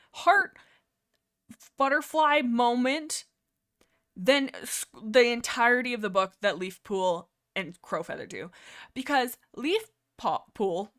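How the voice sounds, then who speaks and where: A woman hosting a casual fan discussion livestream, rambling excitedly, laughing often and correcting herself mid-sentence. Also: mid-range voice. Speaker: livestream host.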